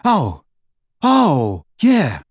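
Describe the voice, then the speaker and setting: A man's voice: on the high side, wildly swooping pitch, drawn-out words, dry recording, studio quality, pitched above the performer's own voice, full character voice. A man voicing an easygoing teenage boy with a casual, offhand way of talking.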